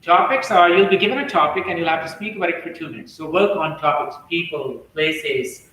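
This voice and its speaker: A man's voice: fairly high pitch, pushed and bright. Man teaching English in an echoey room. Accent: Pakistani English. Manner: slow, drawn-out word examples. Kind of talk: spoken lesson on speaking strategies.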